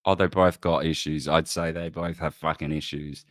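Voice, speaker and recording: A man hosts a casual live-stream podcast. His voice sits very low, and he talks in loose, rambling turns. He laughs and swears freely as he goes. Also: fairly even intonation, moderate pace, dry recording. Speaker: podcast host.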